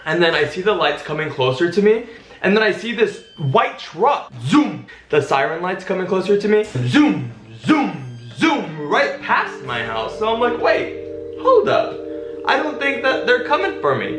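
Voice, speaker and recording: A young man in a casual storytime vlog, telling a story in an animated, dramatic way. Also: on the high side, echoey room. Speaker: vlogger.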